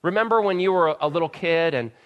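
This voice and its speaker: A man in his thirties, a pastor, preaching a sermon in an earnest way, dropping soft and slow, then rising to loud emphatic bursts. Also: fairly high pitch, muffled recording.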